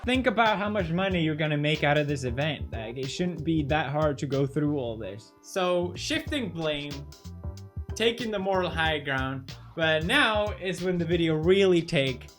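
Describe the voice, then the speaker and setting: Male commentary host, high voice, sarcastic and teasing, light music underneath. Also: animated, normal speed, a bit bright. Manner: sarcastic, mocking, laughing asides. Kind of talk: reaction commentary.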